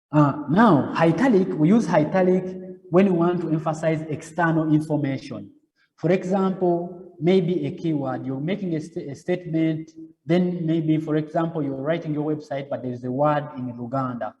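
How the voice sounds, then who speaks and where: A man teaching web design, walking through each step slowly and repeating himself, often checking in with "okay?". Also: a little high, darkish tone, big-room sound, highs cut off. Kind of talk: live coding lecture.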